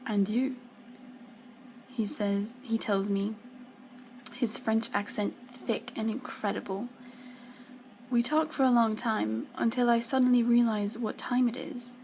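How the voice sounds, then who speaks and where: A woman's voice: fairly high pitch, little pitch movement, measured pace, vocal fry, darkish tone, a little hiss or hum, poor audio. A young woman reading her own first-person story aloud for a school project, sometimes dropping into whispers and stumbling now and then. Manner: slips into whispers, small stumbles. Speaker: student reader.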